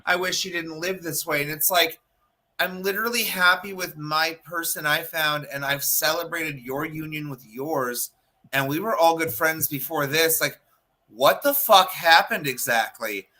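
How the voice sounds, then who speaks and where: A man's voice: on the high side, measured pace, pushed and bright, low-quality recording. A man co-hosting a casual talk show, speaking in a heated, sarcastic way with lots of swearing. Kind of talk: casual panel chat.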